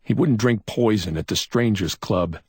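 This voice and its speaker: A man's voice: lowish voice, moderate pace, slightly rough, no echo, studio quality, voice pushed up. A man voicing a male investigator in an audiobook crime story, pressing with patient but insistent questions. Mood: probing. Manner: probing, gently insistent questions. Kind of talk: audiobook character voice.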